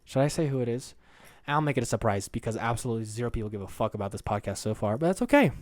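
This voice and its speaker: A man's voice: medium pitch, lively intonation, rapid-fire, no room sound, clean studio sound. A young man hosting his own podcast alone, rambling in a crude, jokey, self-deprecating way. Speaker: podcast host.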